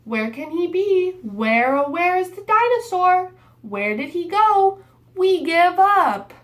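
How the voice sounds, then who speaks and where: A woman doing eager little kids, high and bouncy. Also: sing-song, slow pace, a bit bright, full character voice. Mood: playful. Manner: high, eager, sing-song. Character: group of excited young children.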